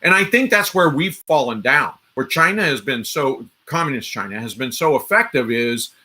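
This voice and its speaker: A man's voice: mid-range voice, expressive, moderate pace, sharp tone. A man hosting a live stream, giving casual political commentary in a rambling way, with frequent restarts and asides to his viewers. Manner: rambling, restarts often, talks straight to viewers.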